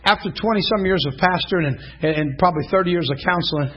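A middle-aged male pastor preaching an animated sermon, telling stories with shouts and laughter. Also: high-pitched, quick pace, husky. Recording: dull lo-fi sound, faint congregation.

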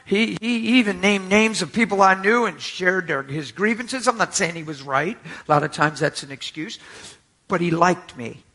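A male pastor with a husky, slightly raised voice tells a story from the pulpit. His tone is bright and tense, and he slips into the voices of the people he quotes with lively energy. He speaks to a congregation gathered in front of him. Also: sits high, moderate pace. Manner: animated, acts out quoted voices. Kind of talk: storytelling sermon. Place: church before a live congregation.

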